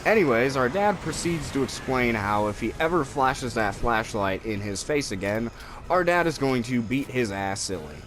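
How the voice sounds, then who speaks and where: A young man co-hosting a gaming video talks in a mid-range voice at normal speed, with a little hiss or hum in the recording. While playing, he tells stories casually, swearing a lot and rambling, and raises his voice animatedly for quotes.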